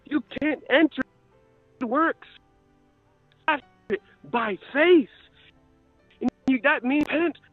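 With a very high-pitched voice, a man delivers an impassioned sermon that rises into fervent cries. There is no echo, and the audio has a tinny radio-broadcast quality.

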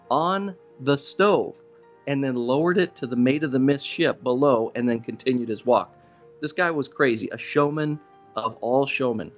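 A male pastor preaching a sermon in a relaxed, chatty storytelling manner, jumping up in pitch when he stresses a point. His voice sits in a middle range and the recording sounds a bit dull, with faint music under it. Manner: conversational storytelling preacher, animated rises for emphasis.

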